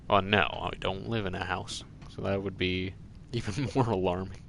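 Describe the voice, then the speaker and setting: A man's voice: sits low, steady tone, moderate pace, gravelly, fairly bright tone, slight background noise. A man hosting a gaming channel, chatting casually while he plays and drifting from one joking tangent to the next. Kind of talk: casual commentary while playing a game.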